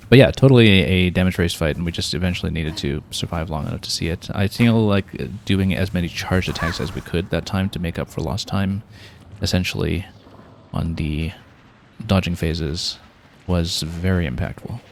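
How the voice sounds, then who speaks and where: A man's voice: sits low, normal speed, vocal fry, slight background noise. A man streaming a video game, thinking aloud and planning his next moves with casual fillers. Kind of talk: casual gameplay commentary.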